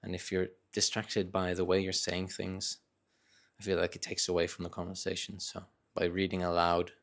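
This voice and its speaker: Low, flat-voiced young man musing. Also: moderate pace. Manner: thoughtful, hesitant, with fillers and restarts. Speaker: vlogger. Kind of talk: casual reflective talk to camera.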